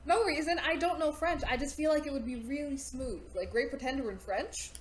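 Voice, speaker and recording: A woman co-hosting a podcast in casual chat, enthusiastic with quick asides. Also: high voice, slight background noise. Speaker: podcast co-host.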